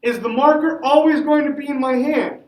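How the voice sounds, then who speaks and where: High-voiced man teaching a class. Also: moderate pace, a little mellow. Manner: questions the class and answers himself. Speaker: Spanish teacher. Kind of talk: classroom lesson. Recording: echoey classroom from far off.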